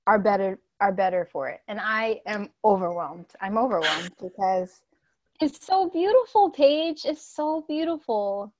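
A woman's voice: mid-range voice, expressive, a little slow, a little mellow, lo-fi sound, slight background noise. A woman money coach hosting an interview, gushing, tearful at times and swearing casually. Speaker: money coach and podcast host. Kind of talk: emotional conversational interview.

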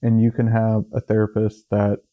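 A man co-hosting a podcast in casual chat, speaking in a monotone with halting restarts. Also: fairly low pitch, lo-fi sound.

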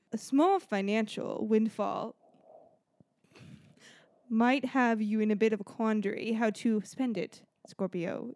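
A woman putting on her deepest voice to play a horoscope reader, reading slowly and steadily. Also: darkish tone, no room sound, clean studio sound.

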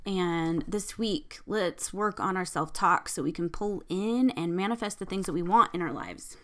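A woman's voice: fairly low pitch, moderate pace, fairly bright tone. A young adult woman hosting a podcast, chatting casually and giggling through a card pull, with lots of fillers and casual swearing. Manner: swears casually, self-mocking. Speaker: podcast host.

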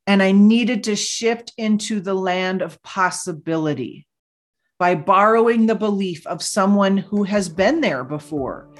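A middle-aged woman hosts a motivational podcast in a mid-range voice. She talks upbeat and personal, breaking into playful asides where she acts out her own doubting inner voice. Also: medium pitch. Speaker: podcast host.

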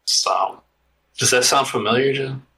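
A man co-hosting a podcast, bantering in a relaxed way and laughing often. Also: mid-range voice, a little slow, gravelly, rough recording. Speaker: podcast co-host. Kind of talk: casual podcast chat.

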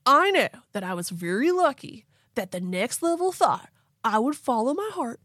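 A woman's voice: a little high, expressive, a little slow, dry recording. A woman puts on a laid-back male surfer dude with an easygoing drawl. His voice is a little raised and bouncy. It is recorded close and dry.

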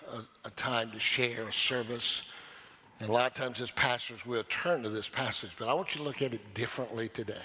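A man's voice: mid-range voice, sharp tone. A man preaching a sermon as pastor, emphatic, calling on the congregation for a response.

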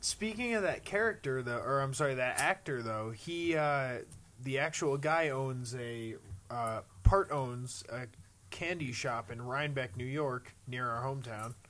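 A man's voice: medium pitch, unhurried, fairly bright tone. Joking man co-hosting a casual chat. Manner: joking, rambling with restarts. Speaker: co-host.

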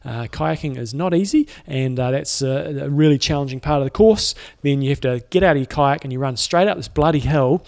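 Easygoing New man, mid-pitched. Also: a little fast, gravelly, few pauses, a little mellow. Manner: rambling, with many fillers and restarts. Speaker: podcast co-host. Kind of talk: casual chat.

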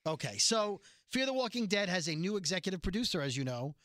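A man's voice: sits high, very animated, fast talker, a bit bright, no echo, clean studio sound. A man co-hosting a casual podcast, reading quotes aloud and adding jokey, wry asides. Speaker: podcast co-host.

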